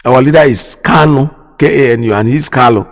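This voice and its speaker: Speaking at normal speed in a medium-pitched voice, this Nigerian man hosts a radio show full of impassioned political commentary. He grows indignant, repeating points and throwing out rhetorical questions, all under a long hall-style reverb.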